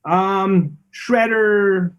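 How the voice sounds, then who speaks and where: Man, guest musician, from canada, casual rambling chat, higher voice. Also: drawn-out words, muffled recording. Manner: relaxed, rambling with restarts.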